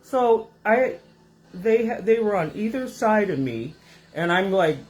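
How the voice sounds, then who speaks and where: A woman host telling a rambling personal story to her viewers in a casual, animated way, recorded in her home kitchen. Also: mid-range voice, unhurried. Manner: animated, rambling, acts out voices in her stories.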